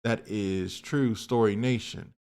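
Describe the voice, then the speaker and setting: A man's voice: fairly low pitch, slow pace, darkish tone, clean tone, dry recording, studio quality. A man hosting a story channel, narrating in the first person and then giving casual, plain-spoken advice. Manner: conversational, plain-spoken, with fillers and restarts.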